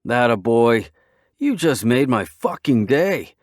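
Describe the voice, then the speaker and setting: A man voicing a brash, excitable male biker who is cocky and crude, in a dry audiobook reading. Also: mid-range voice, slow, no echo, pitched above the performer's own voice. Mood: eager.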